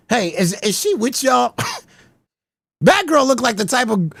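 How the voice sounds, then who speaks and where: Guy riffing on a stream, keeps laughing n stuttering, lively up-and-down voice. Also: very high voice, slow pace, creaky, long pauses, husky, dry recording. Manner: animated, laughs often, stammers and repeats words. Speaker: livestream commentary host. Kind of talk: casual livestream commentary.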